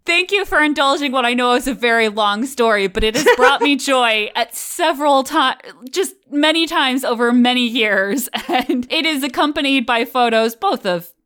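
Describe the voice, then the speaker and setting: A woman co-hosting a podcast, telling and reading out a story with an expressive delivery and easy laughter. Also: sits high, normal speed, hardly any pauses. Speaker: podcast co-host. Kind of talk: casual chat, reading a story aloud.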